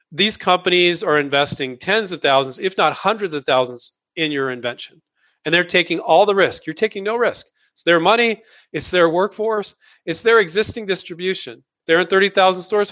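A man hosts a live question-and-answer stream, answering viewers bluntly and hammering points home by repeating words. His voice is slightly high and bright with a forceful edge. The audio is dull and lo-fi. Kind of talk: live Q&A advice.

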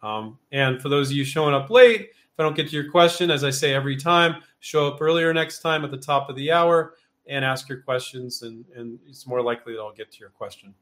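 A man's voice: mid-range voice, a little fast, a bit bright. A man hosting a live question-and-answer show, talking loosely and chattily, full of fillers and restarts, acting out little quoted exchanges. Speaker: host answering viewer questions. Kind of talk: casual live Q&A.

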